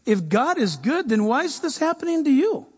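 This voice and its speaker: A man's voice: extremely high pitch, big pitch swings, normal speed, a little mellow, big-room sound, pitched above the performer's own voice. A man voicing doubt itself as a taunting voice that asks needling questions.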